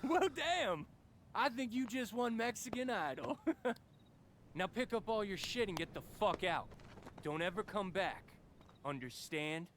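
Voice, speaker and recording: A man's voice: high-pitched, expressive, a little slow, a bit bright, a little hiss or hum. An actor playing a crude, aggressive adult man who taunts and swears in a video game. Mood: mocking.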